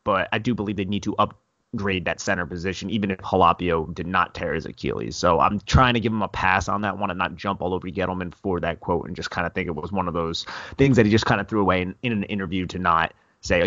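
A man co-hosting a sports podcast, talking in a measured, conversational way. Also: deep voice, pushed and bright, dry recording. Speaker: podcast co-host. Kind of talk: casual sports podcast talk. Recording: dry, dull home podcast audio.

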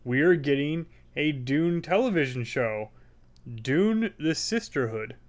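A man's voice: a little high, expressive, slow pace. A man co-hosting a podcast, sharing news in casual chat, a bit scattered and apologetic. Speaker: podcast co-host.

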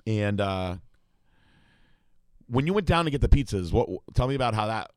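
Low-voiced man telling a rambling story. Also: lively intonation, moderate pace, darkish tone, smooth, dry recording, studio quality. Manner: rambling, swears, laughs at own story. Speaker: host and bodybuilding coach. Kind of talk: casual storytelling chat.

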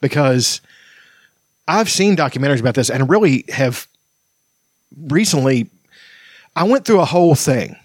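A podcast host talks in a loose, rambling way, swearing as he goes. His voice is husky and slightly rough. The sound is dry and close, with no room around it. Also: medium pitch, animated, normal speed, long pauses, no echo. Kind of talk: casual podcast chat.

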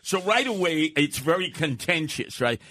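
An older man, co-hosting a talk radio show and telling loud, blustery stories in which he acts out his own shouting. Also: on the high side, lively intonation, normal speed, dry recording, studio quality. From Brooklyn, New York. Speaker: radio co-host. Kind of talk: animated storytelling.

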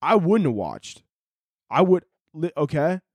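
A man's voice: a little high, big pitch swings, unhurried, no echo, pitched above the performer's own voice, heavily acted. A man voicing an embarrassed male space agency worker who stammers and talks in circles defensively. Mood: flustered.

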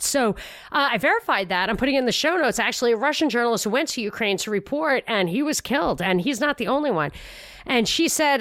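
Woman podcaster retelling stuff, kinda high voice, dry close sound. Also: a little fast, no echo. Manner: animated retelling, quoting others, frequent laughs. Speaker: podcast host. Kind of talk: casual commentary chat.

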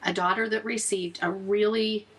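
Husky-voiced woman chatting earnestly. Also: mid-range voice, steady tone, normal speed, a bit bright. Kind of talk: casual chat.

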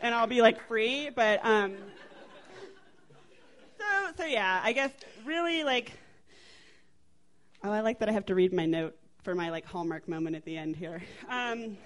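On stage, a woman in her twenties with an American accent tells a funny family story, chatty and animated, laughing and cursing along the way. Her voice is medium in pitch, her pace a little slow, with long pauses.

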